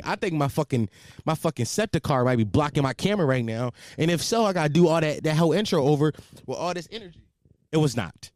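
Loud, rambling young podcast host. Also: male voice, mid-range voice, no room sound, clean studio sound. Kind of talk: casual solo podcast chat. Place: home room at night.

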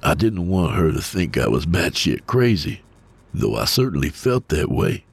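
A man narrating a first-person horror story in a calm, measured way. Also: sits low, vocal fry, breathy edge. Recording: soft music under voice.

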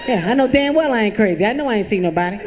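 A man's voice: high-pitched, lively intonation, rapid-fire. A man playing a suspicious, fed-up mother who calls her son over. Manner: wary then coaxing, gruff. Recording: live club recording with noisy crowd.

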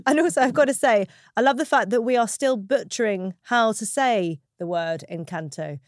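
A woman's voice: a little high, normal speed, dry recording, clean studio sound. A woman with an Essex accent hosting a podcast, playful and teasing. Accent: Essex English. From England. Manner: playful, teasing, laughs often. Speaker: podcast host. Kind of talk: casual chat.

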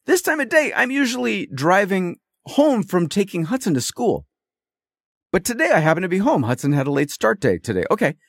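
Man, fairly high voice, very lively pitch, exasperated rambling monologue, dry close sound. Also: brisk, no room sound. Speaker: podcast host. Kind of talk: casual solo monologue.

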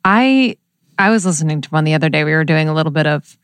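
A woman's voice: deep voice, expressive, fast talker, clear, resonant tone, no echo. Young woman podcast cohost, laughs at herself, casual, dry mic. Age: young adult. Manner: laughing, self-deprecating, swears freely. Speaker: podcast co-host. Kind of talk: casual chat. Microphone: studio podcast mic.

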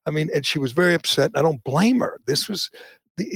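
A gravelly man hosts an opinionated talk show, his voice husky and rough at the edges. He sounds indignant and keeps climbing into loud, heated bursts. The sound is dry and close. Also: fairly high pitch, expressive, fairly quick, no echo. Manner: indignant, swings to loud outbursts. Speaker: podcast host.

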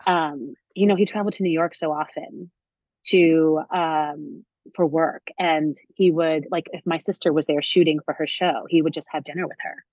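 Animated woman telling a story. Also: sits low, normal speed, no room sound, highs cut off. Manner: animated storyteller, acts out quoted voices. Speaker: guest. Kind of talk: casual chat.

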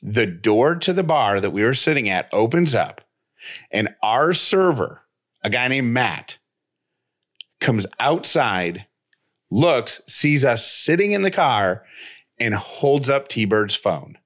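With a mid-range voice and a slow delivery, a man co-hosting a podcast relates a story in a relaxed way. He brings it to life by acting out the exchanges in quoted dialogue.

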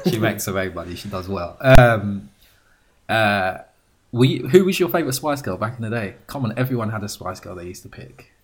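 A man's voice: fairly low pitch, lively intonation, normal speed. An English man co-hosting a podcast, telling laughing anecdotes in casual chat. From England. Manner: laughing anecdotes, lots of fillers. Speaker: podcast co-host.

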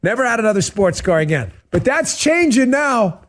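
A middle-aged man hosting a radio talk show, chatting casually and answering listener questions as an animated, joking storyteller. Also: very high voice, moderate pace. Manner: animated, joking storyteller who acts out quotes.

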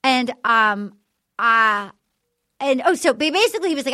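A woman's voice: sits high, expressive, normal speed, pushed and bright. A woman hosting a comedy podcast, recapping a show with lots of laughter and playful acted-out quotes. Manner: laughing, acts out quotes in exaggerated voices. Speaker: podcast host. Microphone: podcast studio mic.

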